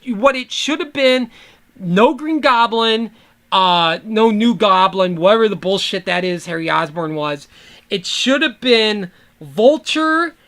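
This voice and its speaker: A podcast host talks alone in a loose, rambling monologue, swearing freely and drifting off topic. The voice is bright and forceful. The delivery is a casual fan rant rather than a prepared script. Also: mid-range voice.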